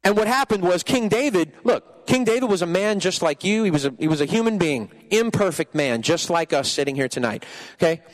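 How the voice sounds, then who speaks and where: A man preaching a sermon in a noticeably high voice. He talks to the congregation in a lively, conversational way, then sinks into quiet, earnest stretches to drive his points home. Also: a little fast. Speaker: pastor.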